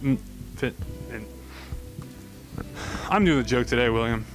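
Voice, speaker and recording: Teen boy, school broadcast joke segment, rambling delivery, mid pitch, soft music bed. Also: measured pace. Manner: rambling, checks in with "okay?". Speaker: student joke segment presenter. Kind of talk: casual joke telling.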